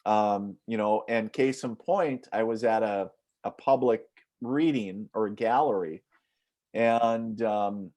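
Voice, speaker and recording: A man's voice: fairly low pitch, slow pace, a little mellow. Rambling, anecdotal man from Minnesota. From northern Minnesota, USA. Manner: rambling, anecdotal, frequent fillers. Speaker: psychic medium, interview guest. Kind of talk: casual interview storytelling.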